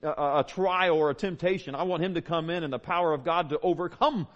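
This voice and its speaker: A man's voice: a little high, fast, fairly bright tone, muffled recording. A man, preaching a sermon as a pastor, conversational and emphatic with repeated phrases. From Southern United States. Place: church.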